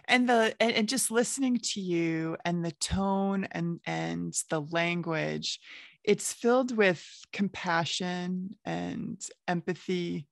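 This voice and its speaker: Slow, gravelly woman host. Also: fairly low pitch, no echo, studio quality. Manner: thoughtful, hesitant questioner with many "um"s. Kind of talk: casual interview chat.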